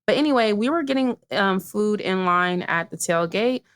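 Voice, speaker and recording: A young woman co-hosts a podcast, spinning a brash story in casual conversation and acting out people's quotes. Her mid-range voice is animated, smooth, and fairly bright, at a normal speed.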